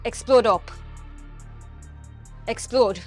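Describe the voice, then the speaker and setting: A woman's voice: fairly high pitch, drawn-out words, faint music behind. A young woman vlogging her workout in a gym, coaching viewers with energy as she demonstrates the exercises. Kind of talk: instructional workout vlog.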